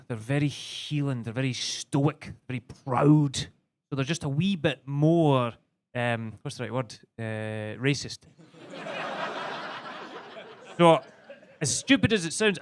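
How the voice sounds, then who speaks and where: A man's voice: a little high, fairly bright tone, no room sound. Scottish man doing stand-up. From Scotland. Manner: rambling, self-interrupting, with stammered restarts. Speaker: stand-up comedian. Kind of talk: stand-up set. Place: comedy club stage.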